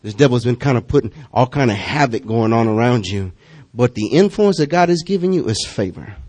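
A man preaching a sermon as a pastor, animated and often laughing, swinging from loud calls to quiet, hushed passages. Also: mid-range voice, brisk. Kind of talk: lively sermon.

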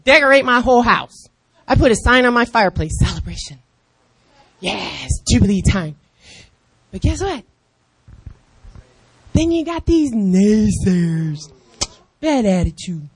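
A woman in her fifties preaching a lively sermon, acting out the voices of other people and calling out in excitement. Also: mid-range voice, unhurried, long pauses, breathy edge, no echo. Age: 50s. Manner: animated, acts out voices of others, shouts in excitement.

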